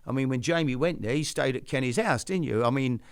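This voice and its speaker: Older guy spinning a rambling yarn, dry close sound, middle pitch. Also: fairly quick, smooth, dry recording. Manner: rambling storyteller, acts out quoted voices. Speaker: host. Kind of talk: casual chat, telling a story.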